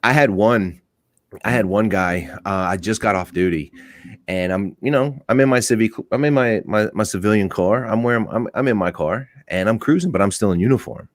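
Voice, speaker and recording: A man's voice: lowish voice, fairly quick, no echo. A man who works as a police officer, telling stories in a casual podcast chat, laughing often and acting out the people he met. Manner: laughing, animated storyteller who acts out voices. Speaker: police officer and apartment courtesy officer.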